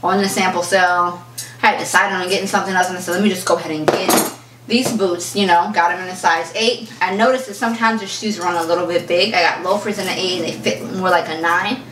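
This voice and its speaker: A chatty woman fashion vlogger talks through an unboxing at home, lively and storytelling. She sits a little back from the mic in a roomy space, with faint clatter of dishes behind her. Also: on the low side, fast talker, distant mic, noisy background. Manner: chatty, animated storyteller who acts out quoted exchanges. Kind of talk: casual unboxing chat.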